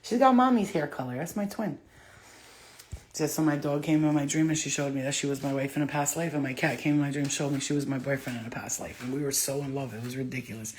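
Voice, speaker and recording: A woman chatting casually into her phone camera for a vlog, excitable and rambling, swearing freely as she goes. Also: a bass voice, fast talker. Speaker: vlogger.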